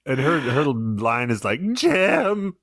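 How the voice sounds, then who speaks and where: A man's voice: medium pitch, very animated, normal speed, a bit bright, no echo, studio quality. A man co-hosting a podcast in casual chat, joking around and laughing often. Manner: chatty, jokey, laughs often. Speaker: podcast co-host.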